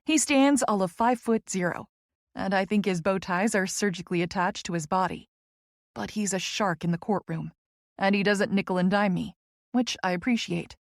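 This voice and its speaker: A woman's voice: medium pitch, moderate pace, dry recording, clean studio sound. A woman narrating a first-person romance audiobook in a wry, conversational way.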